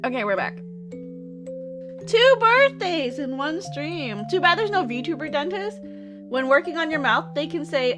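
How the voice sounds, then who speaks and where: Woman, streamer, casual chat, quite high-pitched, talks while eating, music behind. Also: big pitch swings, a little slow.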